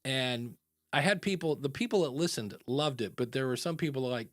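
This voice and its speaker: A man hosting a podcast in casual chat, animated and acting out quoted voices. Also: medium pitch, moderate pace, no echo, studio quality. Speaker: podcast host.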